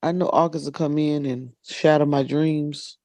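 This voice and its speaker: Woman, casual chat, mellow tone, dry close sound, laughs a lot. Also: moderate pace, no echo. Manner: laughs often, acts out quotes in a high excited voice. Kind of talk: casual chat, animated storytelling.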